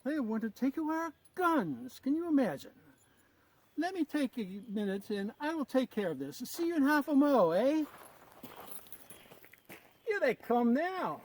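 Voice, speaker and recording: A blustering, pompous colonial officer, as a man puts him on, in a put-on English accent. His voice sits far higher than a normal speaking voice and comes out loud and exclaiming, in the manner of a comedy sketch. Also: big pitch swings, measured pace, pauses often, heavily acted.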